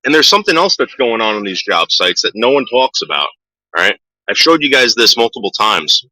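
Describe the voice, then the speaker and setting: A man's voice: lowish voice, sing-song, brisk, sharp tone, no room sound, rough recording. A middle-aged man ranting casually to his viewers, swearing a lot and stumbling over repeated words. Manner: profane, stammering repeats. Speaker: vlogger. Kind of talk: casual rant.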